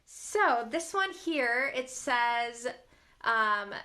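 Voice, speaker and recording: A woman artist hosting a casual live stream from her couch at home, bubbly and excitable, gasping and giggling often, recorded by a camera on a tripod. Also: fairly high pitch, extremely slow.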